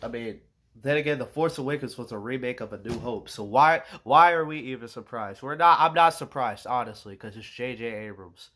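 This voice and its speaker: A man's voice: mid-range voice, fairly quick, fairly bright tone. A young man ranting casually about a movie he saw, rambling with many fillers and slang and sounding exasperated. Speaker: movie reviewer.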